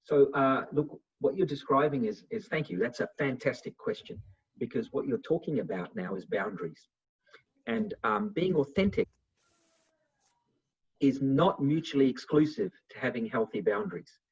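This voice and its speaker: Husky man on a muffled call. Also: medium pitch, normal speed. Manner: animated, acts out little dialogues. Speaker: webinar speaker. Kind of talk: motivational talk answering questions. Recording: muffled video call audio.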